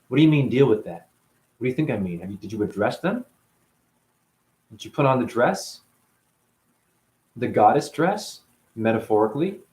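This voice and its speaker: A man's voice: mid-range voice, darkish tone, echoey room. A man hosting a spiritual talk show, rambling through a monologue full of rhetorical questions and playful asides.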